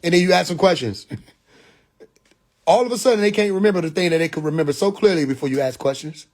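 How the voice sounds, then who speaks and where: 一位声音偏高的年轻男子，带美国南方亚特兰大口音，对着手机直播，语气说教又带嘲讽，不停抛出反问。. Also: male voice, fairly high pitch, lively intonation, a little fast, a little mellow. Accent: Southern US (Atlanta). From Atlanta, USA. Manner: preachy and mocking, fires rhetorical questions, profane slang. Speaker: livestream host. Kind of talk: rambling live-stream monologue. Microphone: phone.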